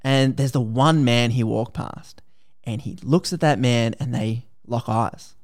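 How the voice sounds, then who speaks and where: An Australian man hosting a podcast, retelling a story in a casual, lively, slangy way. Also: medium pitch, measured pace. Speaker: podcast host.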